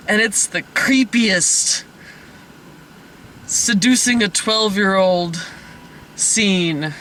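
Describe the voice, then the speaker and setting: A man's voice: high-pitched, bright, forceful tone, a little hiss or hum. A man hosting a casual comedic movie review, rambling along and laughing often. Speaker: host of a movie review podcast.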